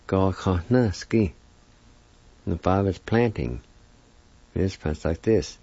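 A man with a very low, dark voice gives a patient, unhurried language lesson. He breaks each word into syllables and repeats them. The recording is dry and dull, like an old radio broadcast. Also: no echo. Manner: patient, spells out sounds syllable by syllable. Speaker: language teacher. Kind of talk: slow spoken word lesson.

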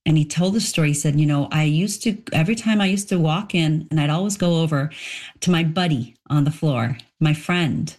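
Woman author, middle-aged, low voice, reflective interview answers. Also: fairly quick, darkish tone. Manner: thoughtful, explanatory, with frequent restarts.

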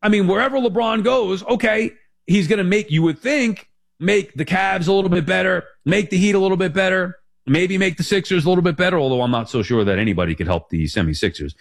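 A man's voice: high-pitched, lively intonation, fast talker, gravelly. A man in his forties hosting a sports talk show, rambling and emphatic as he corrects himself. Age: 40s.

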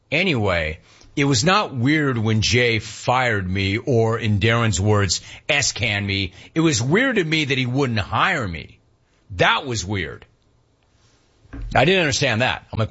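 Middle-aged guy hosting, joking around reading listener notes, kinda husky, muffled lo-fi sound. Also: mid-range voice, sing-song, unhurried, sharp tone. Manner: wry, playful, jumps between impressions and asides. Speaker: show host reading listener messages. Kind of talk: casual talk show banter. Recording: dull lo-fi sound.

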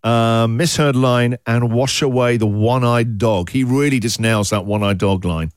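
A man's voice: mid-range voice, a little slow. A man hosting a radio show, joking and laughing a lot as he reads out listener entries. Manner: jokey, laughs often, lively delivery. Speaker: radio host. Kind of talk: breakfast radio banter.

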